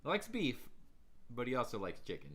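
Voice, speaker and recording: A man hosting a casual livestream from home, energetic and chatty, laughing often as he talks to his viewers. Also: mid-range voice, a little fast. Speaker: livestream host.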